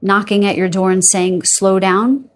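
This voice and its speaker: A woman's voice: medium pitch, little pitch movement, measured pace. A woman giving a casual tarot reading to her viewers, chatty and full of asides, often checking in with "okay?" and "you guys". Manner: yawns and laughs while talking. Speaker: tarot reader.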